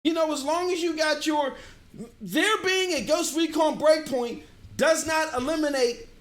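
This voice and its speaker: A middle-aged man streaming games, ranting and answering his chat in an animated way. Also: extremely high pitch, unhurried. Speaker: gaming streamer. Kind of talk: livestream commentary, answering chat.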